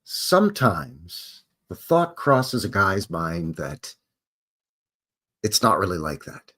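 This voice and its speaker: A Canadian man with a lowish voice hosts a casual live stream. He reads historical notes aloud and keeps interrupting himself with dry, offhand remarks. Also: very animated, slow pace, pushed and bright, breathy edge. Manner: wry offhand asides between read-out facts. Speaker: live show host.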